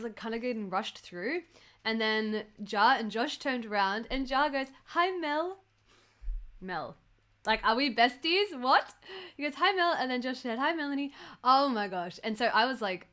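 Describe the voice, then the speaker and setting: Young woman, reaction vlogger; bright, somewhat high voice, rambling casual storytelling. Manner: rambling, many "like"s, animated.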